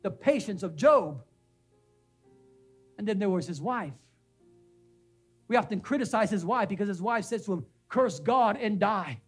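A man's voice: high-pitched, animated, normal speed, pauses often, breathy edge, faint music behind. Emphatic man preaching a sermon. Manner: emphatic, repeats names and phrases; asks the congregation questions. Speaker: pastor. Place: church sanctuary.

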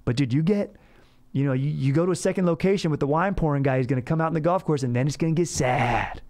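A man's voice: on the high side, fast, darkish tone. Male comedy podcast host; slangy, rambling, easygoing banter. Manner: slangy, rambling, says dude a lot.

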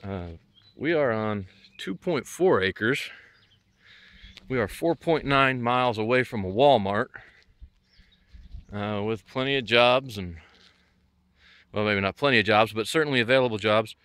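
Pausing often at a measured pace, a middle-aged homesteader vlogger from the US South leads a loose, rambling tour around his homestead outdoors, stumbling through fillers and restarts. The voice sits fairly low, smooth and fairly bright, with no room sound.

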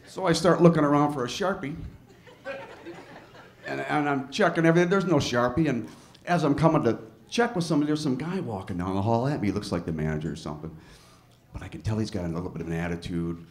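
A man's voice: mid-range voice, fast talker. Profane male stand-up storyteller. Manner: profane storytelling, acting out both sides. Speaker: stand-up comedian. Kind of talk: stand-up comedy set. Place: comedy club stage. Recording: live club recording with audience laughter.

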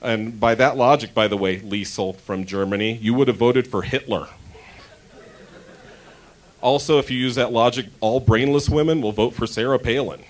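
A man's voice: medium pitch, normal speed. A man from Denver doing a stand-up comedy set on a club stage, chatty and crude, often interrupting himself.

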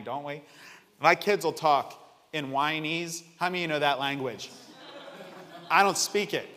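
A man preaching a sermon, reading scripture dramatically and swinging between loud declarations and hushed lines. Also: on the high side, moderate pace, in a large hall. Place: church sanctuary.

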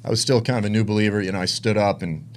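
A man preaching, telling a personal story with emotion, dropping to hushed tones and rising to intense ones. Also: on the low side, steady tone, very fast, slight background noise. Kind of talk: sermon testimony.

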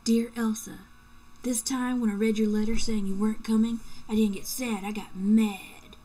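A woman's voice: fairly high pitch, little pitch movement, normal speed, mellow, a little hiss or hum, natural voice, low-quality recording. A woman reading as a clingy lovesick young man. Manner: reading aloud with mock drama. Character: lovesick possessive young man writing letters.

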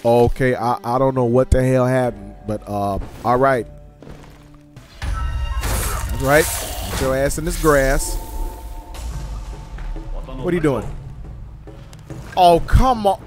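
A man, commentating his co-op stealth game casually, excitable and joking, teasing his partner. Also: medium pitch, measured pace, long pauses, faint music behind. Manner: excitable, jokey, trash-talks his partner, bursts into loud laughs. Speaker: gaming channel host.

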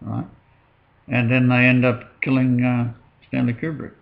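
A man with a gravelly, mid-pitched voice chats casually. He hesitates often and leans on fillers. The recording is dull and lo-fi. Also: little pitch movement, unhurried.

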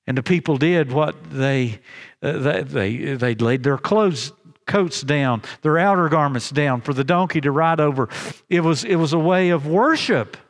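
Guy preaching a sermon, kinda high voice, lots of restarts, slows way down on the big lines, chapel echo. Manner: earnest, halting restarts, slows for emphasis. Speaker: pastor. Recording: long reverb in a chapel.

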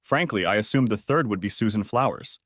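A bitter, betrayed husband in an audiobook story, as a male narrator plays him, firing accusing questions. His voice climbs and falls with lively pitch, and the sound is dry and close-miked. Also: fairly quick, no room sound. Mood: cold. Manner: accusing, hurt. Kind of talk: audiobook character voice.

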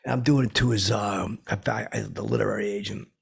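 A man telling a long comedic story in a halting, boastful way, full of filler words and restarts. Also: lowish voice, steady tone, creaky, breathy edge. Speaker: comedy character host. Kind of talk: rambling deadpan storytelling.

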